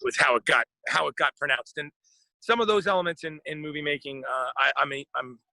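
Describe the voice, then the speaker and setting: An American actor chatting casually in an interview, rambling with lots of fillers and restarts. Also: male voice, fairly high pitch, a little fast, gravelly, bright, forceful tone, no room sound, low-quality recording. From United States.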